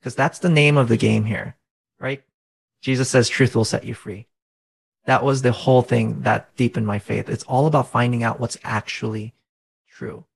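A man's voice: medium pitch, fairly even intonation, moderate pace, vocal fry, low-quality recording. A man in his thirties, a faith-based coach, earnestly explaining in casual conversation and often asking rhetorical questions.

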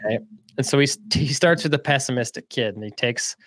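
A man co-hosting a podcast, telling a story in a relaxed, chatty way, with frequent laughs and fillers. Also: medium pitch, no room sound, clean studio sound. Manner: laid-back, laughs often, quick bursts with lots of fillers. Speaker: podcast co-host. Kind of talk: casual storytelling chat.

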